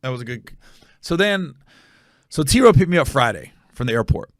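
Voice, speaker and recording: A man's voice: medium pitch, normal speed, no echo, clean studio sound. A man telling a rambling story. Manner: animated, rambling, with restarts and acted-out quotes. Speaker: comedian podcast host. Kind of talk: casual storytelling monologue.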